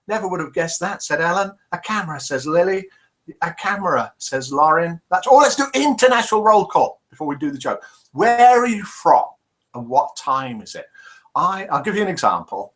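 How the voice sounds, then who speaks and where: A man's voice: a little high, sharp tone. A man hosting a casual live stream, chatting and reading out viewer messages. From England. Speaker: live show host.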